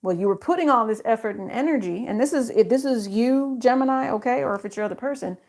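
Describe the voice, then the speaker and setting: A woman's voice: on the high side, fast talker, a little mellow. A woman giving a casual tarot reading straight to her viewers in a chatty, slangy way. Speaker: tarot reader.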